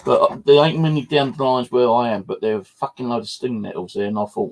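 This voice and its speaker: A man's voice: medium pitch, fairly even intonation, quick pace, hardly any pauses. A man hosting a live stream, chatting casually and rambling with frequent swearing and fillers. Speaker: channel host.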